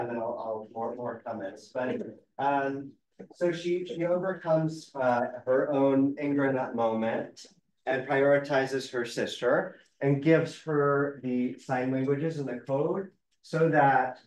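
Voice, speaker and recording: A man's voice: medium pitch, darkish tone. A man, a rabbi, leading a conversational text study class, explaining and reading passages aloud in a thoughtful way. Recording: roomy, distant mic.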